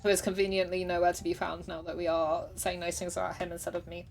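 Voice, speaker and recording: Lower-voiced woman chatting on stream. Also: little pitch movement, quick pace, creaky, a little mellow, soft background music. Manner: chatty, self-deprecating, laughs often. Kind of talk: casual livestream chat while gaming.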